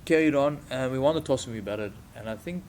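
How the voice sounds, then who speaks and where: This medium-pitched, brisk voice belongs to a thirtysomething South African man appearing as a guest on a podcast. His storytelling is casual and lively, full of laughing impressions of the people he quotes.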